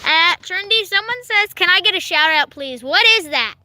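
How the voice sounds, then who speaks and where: A woman's voice: very high voice, expressive, moderate pace, bright, forceful tone, slight background noise. A woman with a Kentucky accent hosting a casual livestream outdoors on a horse farm, reading viewer comments aloud and giggling as she chats. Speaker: livestream host reading chat. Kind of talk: casual live-stream chat.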